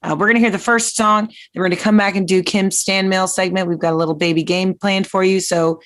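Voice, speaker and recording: A woman comedian hosting a live-streamed show, riffing in quick jokes. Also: medium pitch, fairly even intonation, a bit bright. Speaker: comedian host. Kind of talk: casual comedic chat.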